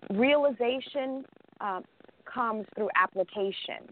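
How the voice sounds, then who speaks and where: A woman's voice: a little high, slow, slight background noise. A woman telling a personal story in casual conversation, rambling with many restarts and fillers and laughing often. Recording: dry phone-line sound.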